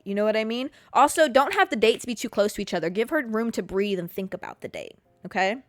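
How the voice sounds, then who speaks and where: A woman's voice: medium pitch, fast, no echo. A woman hosting a podcast, giving casual dating advice in a chatty way, with many fillers and frequent "okay?". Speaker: podcast host.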